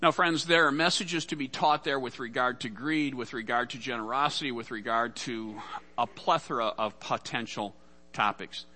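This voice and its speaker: A man's voice: mid-range voice, moderate pace, pushed and bright, a little hiss or hum. A man preaching a sermon as pastor, casual and conversational, acting out the voices in Bible stories.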